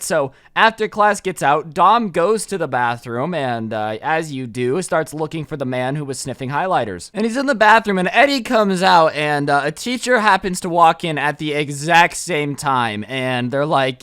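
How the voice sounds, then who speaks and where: A man's voice: a little high, lively intonation, a little fast, few pauses, fairly bright tone, clear, resonant tone, dry recording. A young man telling a comedic storytime with slangy asides to viewers, close to the mic. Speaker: storytime YouTuber.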